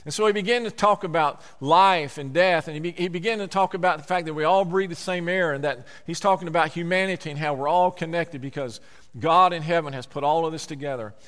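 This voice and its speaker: A man preaching a sermon, emphatic, slowing down on key words. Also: a little high, fairly bright tone, long reverb tail.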